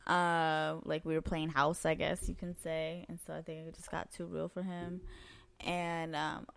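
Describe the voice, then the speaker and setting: A woman's voice: low-pitched, flat delivery, a little slow, vocal fry, slight background noise. A young woman co-hosting a podcast, telling personal stories in casual chat, full of "like" and "um". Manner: chatty storytelling, lots of "like" and "um". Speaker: podcast co-host.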